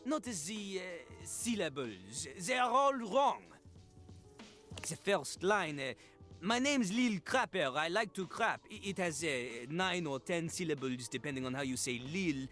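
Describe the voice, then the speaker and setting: A man's voice: fairly high pitch, very animated, measured pace, a bit bright, faint music behind. An actor playing a pompous male talking toilet, lecturing on rap and breaking into sung rhymes. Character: pompous French male toilet rapping teacher. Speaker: game character.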